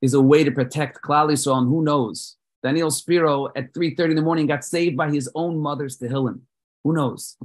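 A man hosting a children's prayer event, telling a story with dramatic swings between loud and soft. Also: a little high, steady tone, brisk. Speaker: host leading children in prayer.

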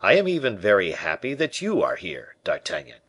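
A man voicing a sly, evasive male bishop in a storybook reading, smooth and guarded. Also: fairly low pitch, wildly swooping pitch, moderate pace, fairly bright tone, no room sound, exaggerated voice.

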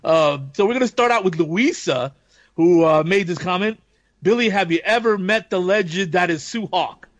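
A man with a high voice talks in a loose, animated podcast chat, laughing easily and jumping into playful voices for quotes. The recording is close and dry, with little room sound. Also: moderate pace, dry recording, dull audio. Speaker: podcast guest. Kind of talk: casual chat.

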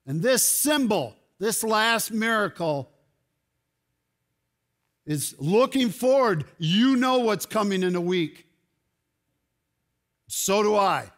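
A man preaching a sermon as pastor, animated and rising to loud exclamations. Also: high-pitched, slow, long pauses. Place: church sanctuary.

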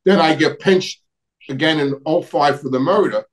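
A man's voice: fairly high pitch, moderate pace, rough recording. Rambling middle-aged New man telling stories. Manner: rambling, restarts often, trails off searching for names. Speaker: guest recounting family history. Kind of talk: casual storytelling conversation.

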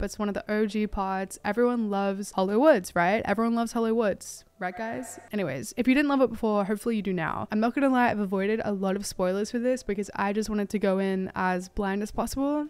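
A young Australian woman giving excited, gushing commentary as she plays a horse-riding game, full of "oh my god" and "like". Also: medium pitch, smooth, no echo. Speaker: gaming YouTuber. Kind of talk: casual gameplay commentary.

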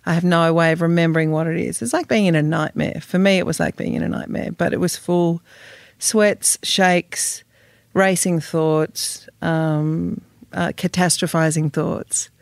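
A woman's voice: lowish voice, fairly even intonation, measured pace, vocal fry, no room sound. A woman, speaking frankly and emotionally as a podcast guest, swearing and laughing now and then. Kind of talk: candid podcast interview.

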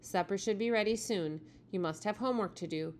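A woman voicing a kindly, motherly neighbor woman in a read-aloud storybook, speaking gently. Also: mid-range voice, fairly quick, slight background noise, lightly acted. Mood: gentle.

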